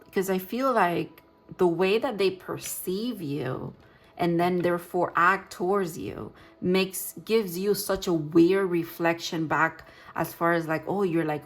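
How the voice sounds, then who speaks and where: A woman giving a gentle, reassuring tarot reading, talking in loose, rambling sentences with restarts. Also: lowish voice, unhurried, soft background music. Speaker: tarot reader. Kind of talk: pick-a-card tarot reading.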